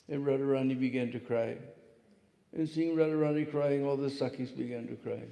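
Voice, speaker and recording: A man tells a devotional story as a spiritual lecturer, animated and often pausing for a quick "hmm?". His voice is mellow and sits in the middle of the male range. The recording has the long reverb of a big hall. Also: mid-range voice, vocal fry. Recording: echoey hall.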